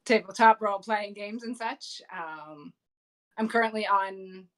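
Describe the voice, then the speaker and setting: A woman's voice: medium pitch, unhurried, a bit bright. A woman guest streamer chatting casually over a video call, easygoing and a little hesitant, given to giggles. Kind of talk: casual chat.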